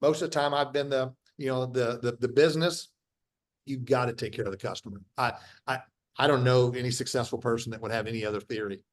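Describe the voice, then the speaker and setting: Fast-paced and mid-range with fairly even intonation, a middle-aged company founder chats in an informal interview. He speaks bluntly and with emphasis, repeating ideas and restarting sentences while acting out the quotes in his stories.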